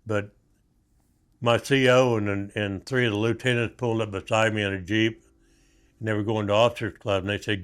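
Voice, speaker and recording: Older man, low voice. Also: flat delivery, brisk, smooth. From Oklahoma. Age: 70s. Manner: plain-spoken, rambling war stories with restarts. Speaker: Vietnam veteran guest. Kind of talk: storytelling interview.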